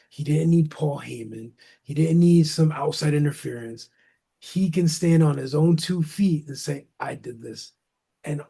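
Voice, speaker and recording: Slangy animated man, mellow voice. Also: a little high, gravelly, breathy edge. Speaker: podcast co-host. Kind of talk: casual wrestling talk.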